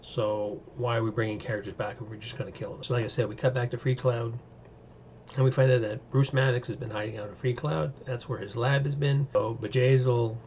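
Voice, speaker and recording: A man's voice: mid-range voice, fairly even intonation, fairly quick, darkish tone, dull audio, slight background noise. A man giving a casual, opinionated recap and review of TV episodes, rambling with many fillers. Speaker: show reviewer.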